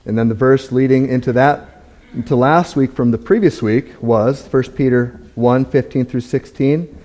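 Man, church testimony; warm, mellow voice, candid and self-deprecating, halting and conversational. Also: mid-range voice. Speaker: church member giving a testimony. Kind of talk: conversational sermon talk.

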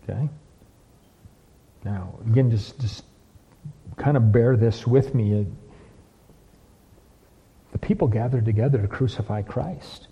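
A man preaching from the pulpit, his dark, husky voice rolling out in long questions he repeats again and again. The sound is dull and lo-fi, with a long hall reverb behind every word. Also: mid-range voice, takes it slowly, pauses often. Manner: preaching with heavy repetition and rhetorical questions. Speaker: pastor. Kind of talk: sermon.

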